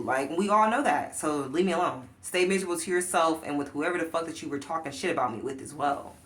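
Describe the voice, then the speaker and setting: A woman life coach in a casual vlog rant, talking bluntly and profanely, swinging between loud outbursts and low muttering. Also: fast, hardly any pauses. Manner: blunt, profane, emphatic ranting.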